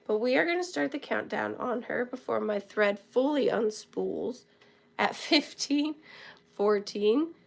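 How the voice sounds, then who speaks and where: A woman hosts a live online sale from home, taking her time and thanking her viewers by name with affection. Her voice sits a little high and has a gravelly, fried edge, and she sounds a bit under the weather. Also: animated, measured pace. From southern United States. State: feeling unwell. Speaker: live-stream auction host. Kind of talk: casual live-stream selling chat. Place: home workspace.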